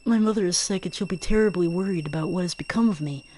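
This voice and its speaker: A woman's voice: fairly low pitch, fast talker, warm tone, slight background noise, natural voice. A woman voicing a small, overly polite mouse who begs pleadingly while secretly scheming.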